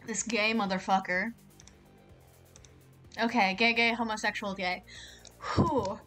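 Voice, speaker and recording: A woman streaming a game live, chatting in an excitable, rambling way and swearing a lot. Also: medium pitch, slow pace, faint music behind.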